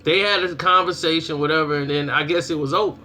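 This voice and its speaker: Animated man vlogging, bright voice. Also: fairly high pitch, fast talker, a little hiss or hum. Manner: animated storytelling, acts out reactions. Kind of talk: casual commentary.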